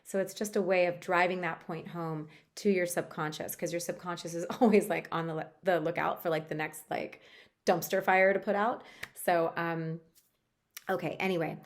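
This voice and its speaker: Gentle, slightly low-voiced woman coaching. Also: fairly even intonation, moderate pace. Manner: gentle, coaching, chatty with fillers. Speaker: tapping practitioner. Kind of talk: guided tapping session.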